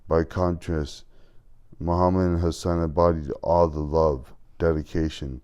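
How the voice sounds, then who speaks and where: Very deep-voiced male audiobook narrator. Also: flat delivery, darkish tone. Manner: measured first-person reading with small slips. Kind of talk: scripted narration.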